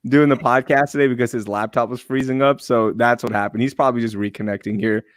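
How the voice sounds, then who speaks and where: A man's voice: mid-range voice, fairly even intonation, fast, dry recording, studio quality. Upbeat man hosting a podcast. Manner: upbeat, playful, laughs often. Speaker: podcast host. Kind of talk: casual chat.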